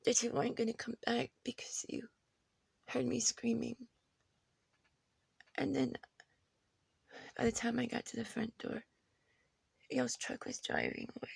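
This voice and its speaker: Woman, very husky and creaky, short of breath, halting speech slipping into whispers, dry close phone sound. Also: on the high side, big pitch swings, darkish tone, no room sound. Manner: halting, repeating herself, often dropping to a whisper. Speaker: person recording a video message. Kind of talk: personal video message to family. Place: her room at home.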